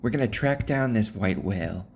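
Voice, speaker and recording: A man playing a booming, scheming one-legged sea captain who is hunting a whale, in a comic retelling. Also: lively intonation, moderate pace, a little mellow, soft background music. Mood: bombastic. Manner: bombastic, scheming.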